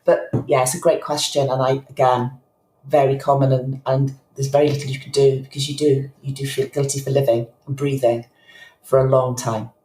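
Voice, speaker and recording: A woman's voice: a bass voice, flat delivery, fairly quick, warm tone, slight background noise. A middle-aged woman, a podcast guest, telling personal stories in a candid, reflective way and often restarting her sentences. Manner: emotional, reflective, with frequent restarts. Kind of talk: candid conversational storytelling. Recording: roomy echo.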